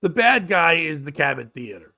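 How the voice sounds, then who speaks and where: A podcast host rants in a rambling, profane way on his comedy show, a casual comedic chat captured with dull lo-fi sound. His voice sits on the high side, very animated at normal speed, creaky, pushed and bright.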